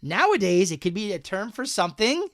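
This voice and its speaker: A man's voice: high voice, big pitch swings, fairly quick, fairly bright tone, no room sound, studio quality. A man co-hosting a podcast, chatting casually and playfully reading out slang terms and their meanings. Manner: playful, reads slang terms and definitions aloud. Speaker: podcast co-host. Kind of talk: casual chat.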